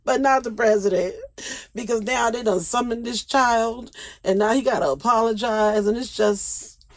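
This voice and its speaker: A woman's voice: a little high, normal speed, dry recording. A woman hosting celebrity gossip news, blunt and profane, with laughing asides. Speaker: entertainment news host. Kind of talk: casual celebrity gossip commentary.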